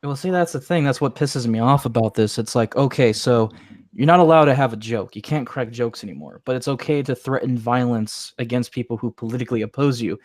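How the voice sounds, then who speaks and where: A man ranting in a casual online talk show, his voice crude and mocking. He speaks at an ordinary pitch, and the sound is dry and close, with no room to it. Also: brisk, no room sound. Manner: crude, mocking, animated rants.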